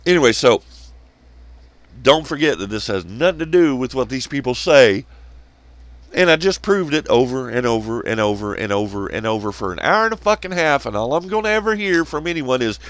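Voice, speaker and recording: A man's voice: medium pitch, big pitch swings, a little fast, a bit bright, dry recording. A man hosting his own channel, delivering a profane, sarcastic ranting monologue and mocking others in scornful quotes. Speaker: channel host.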